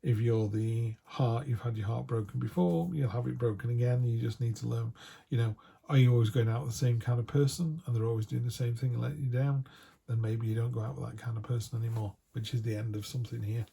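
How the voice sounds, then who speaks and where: A man's voice: medium pitch, steady tone, quick pace, gravelly, dark tone, breathy edge. A man giving a casual tarot reading, chatty and full of restarts. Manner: chatty, quotes imagined voices, frequent restarts. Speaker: tarot reader.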